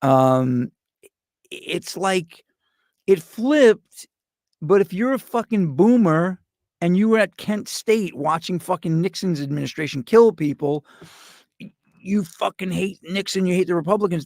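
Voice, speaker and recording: A man's voice: high-pitched, expressive, measured pace, darkish tone, no echo, clean studio sound. A middle-aged man, hosting a show with a rambling, profane, sarcastic comedic rant. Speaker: podcast host.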